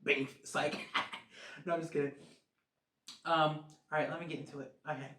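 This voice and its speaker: The voice is mid-range and fairly bright, flat in delivery and normal in speed. Its owner, a podcast host, chats casually on their own, rambling with many "um" and "like" fillers, and the recording has a roomy echo.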